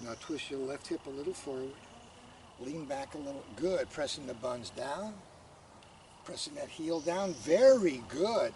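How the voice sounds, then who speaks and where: A man coaching a student through riding posture stretches with calm, step-by-step directions. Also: medium pitch. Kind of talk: instructional coaching. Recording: distant mic, noisy outdoor background.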